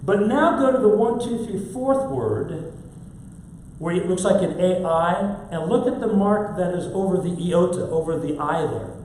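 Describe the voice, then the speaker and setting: Man, Bible class teacher, fairly high voice, very roomy church recording. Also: a little slow, darkish tone. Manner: explains step by step, asks the class questions. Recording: very echoey room, faint hum.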